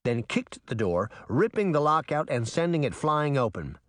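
A narrator reading a fantasy story aloud in an expressive storytelling manner. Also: mid-range voice, normal speed, no echo, studio quality. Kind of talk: audiobook narration.

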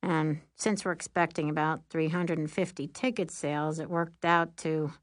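A woman's voice: low-pitched, fairly even intonation, moderate pace, no echo, clean studio sound, natural voice. A woman voicing a worried teenage boy who is class president, speaking glumly. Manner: worried, sighing, glum.

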